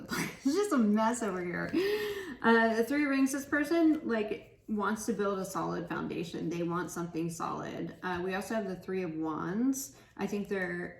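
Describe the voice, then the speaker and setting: A woman's voice: mid-range voice, gravelly, fairly bright tone. A woman giving a casual pick-a-card tarot reading, chatty and giggly, laughing often. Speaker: tarot reader. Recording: echoey room with faint noise.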